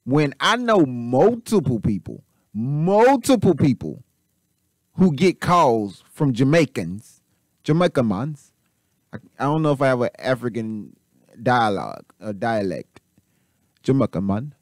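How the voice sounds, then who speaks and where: A man's voice: mid-range voice, measured pace, dry recording. Rambling, repetitive male commentator, dry sound. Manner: rambling, repetitive, animated, swears freely. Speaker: channel host. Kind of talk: casual commentary.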